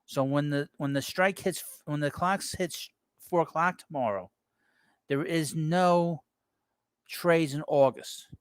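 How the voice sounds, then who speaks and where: A man's voice: on the high side, takes it slowly, clean tone, dry recording. Dry-voiced man hosting a casual baseball stream. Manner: rambling, reads viewer messages aloud and reacts offhand. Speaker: sports talk show host. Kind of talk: casual live-stream chat about baseball.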